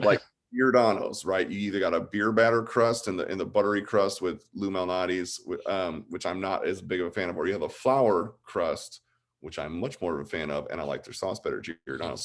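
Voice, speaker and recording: Deep-voiced man in his forties. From Illinois. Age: 40s. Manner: animated, rambling, enthusiastic storyteller. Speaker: podcast guest. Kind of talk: casual interview chat.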